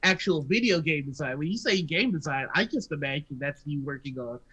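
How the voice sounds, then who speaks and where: A man's voice: on the high side, lively intonation, a little fast, pushed and bright, husky, low-quality recording. A man hosting a casual livestream chat. He talks in an easygoing way and giggles often. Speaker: host.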